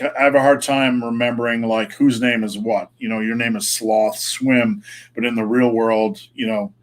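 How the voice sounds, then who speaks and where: Man, middle-aged, fitness coach, casual live Q&A, blunt and frank, medium pitch. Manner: blunt, frank, plain-spoken. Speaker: fitness coach answering viewer questions.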